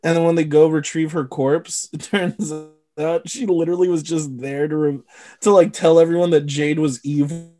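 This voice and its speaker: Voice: medium pitch, flat delivery, moderate pace, dark tone, faint music behind. A co-host in a casual movie-review chat, mocking and giggly, with blunt jabs. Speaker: podcast co-host.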